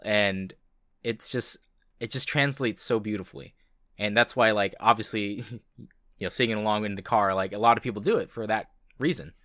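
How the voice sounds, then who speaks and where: A man's voice: on the low side, normal speed, a bit bright, no echo, clean studio sound. A man co-hosting a podcast, chatting casually and earnestly, with many fillers. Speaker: podcast co-host. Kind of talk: casual chat.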